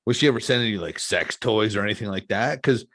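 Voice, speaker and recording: A man's voice: on the low side, quick pace, a bit bright, dry recording, studio quality. A man hosting a podcast, chatting casually with blunt, joking reactions. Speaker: podcast host. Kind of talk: casual interview chat.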